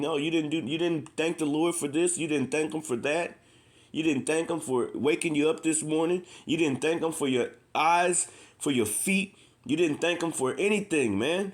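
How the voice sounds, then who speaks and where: A man preaching informally and with passion, repeating himself, reading scripture aloud between his own words. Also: on the high side. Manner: impassioned, repetitive, says "man" often. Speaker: street preacher.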